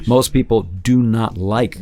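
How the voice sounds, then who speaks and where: A man's voice: on the low side, measured pace. A man, an actor and impressionist, telling stories in a casual interview and breaking into quoted voices. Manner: animated, jumps into quoted voices.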